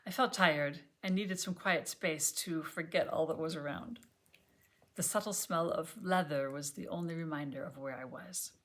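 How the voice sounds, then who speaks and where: A woman reading an audiobook chapter aloud at home, gentle and measured, sometimes dropping to a near whisper. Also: low-pitched. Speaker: audiobook reader. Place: home, on a sofa.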